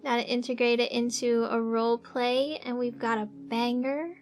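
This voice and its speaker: A woman streamer chatting casually with viewers while she draws, soft-spoken and halting, with many fillers and little giggles. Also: fairly high pitch, little pitch movement, faint music behind. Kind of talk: casual live-stream chat. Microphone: desk microphone.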